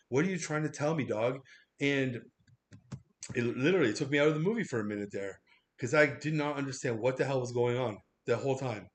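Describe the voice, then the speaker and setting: A man reviewing a movie on a casual livestream, rambling and swearing as he laughs through his reactions. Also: mid-range voice. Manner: rambling, profane, animated, laughing.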